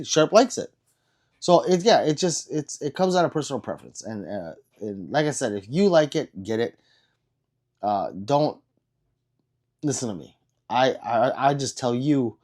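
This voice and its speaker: Reading out comments from viewers and answering them, a man runs a casual livestream in a rambling, self-mocking manner, tripping over words and starting again. His voice is ordinary in pitch and a little mellow.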